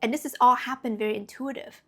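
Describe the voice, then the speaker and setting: A woman's voice: a little high, fairly even intonation, fast talker, pushed and bright, soft background music. Earnest, chatty woman spiritual coach. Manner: chatty, earnest, full of "you know" and "okay?". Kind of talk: casual spiritual talk to camera.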